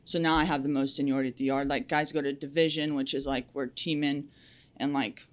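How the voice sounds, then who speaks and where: A young adult woman who works as a powerline lineman speaks candidly and outspokenly as a guest in a casual podcast interview, using lots of fillers. Her voice is a low rumble with little pitch movement, and she talks a bit fast.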